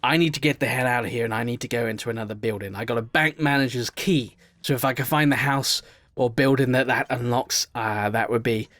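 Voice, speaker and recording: A young man giving casual let's-play commentary on a game, rambling, excitable, sometimes shouting and swearing at what happens. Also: mid-range voice, fairly quick, no room sound. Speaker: gaming video host.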